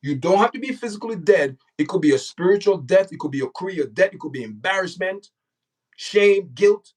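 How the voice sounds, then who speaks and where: Man, livestream commentary, preachy, repetitive, fairly high voice, distant mic. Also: animated, brisk, a little mellow. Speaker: livestream host.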